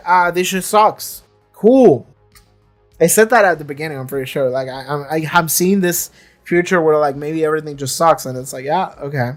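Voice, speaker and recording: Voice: medium pitch, a bit bright. A reaction video creator in casual commentary, chatty and swearing freely, now and then acting out characters' lines.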